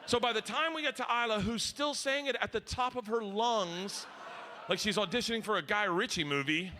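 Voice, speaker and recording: A middle-aged man doing a crude stand-up comedy routine on stage, jumping between high and low voices as he acts out the people in his stories. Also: moderate pace, pushed and bright, a little hiss or hum. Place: comedy stage before a live audience.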